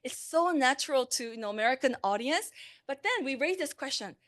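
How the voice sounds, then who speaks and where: Woman, language teacher giving a conference talk, slightly high voice, chatty with lots of ums and restarts. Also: expressive, fairly quick, a bit bright. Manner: conversational, with fillers and self-corrections. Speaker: Korean language instructor. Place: conference room.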